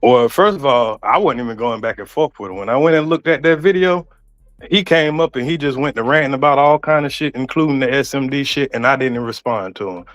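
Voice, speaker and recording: A man's voice: medium pitch, brisk, fairly bright tone, faint music behind. A man arguing on an online panel, defensive and repeating himself. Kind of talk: heated argument.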